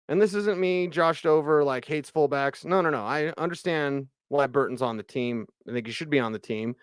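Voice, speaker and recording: Male sports radio host, fairly high voice, dry close sound, emphatic ranting postgame commentary. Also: expressive, a little slow, bright, forceful tone, clean tone, no room sound. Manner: emphatic, ranting, rhetorical questions.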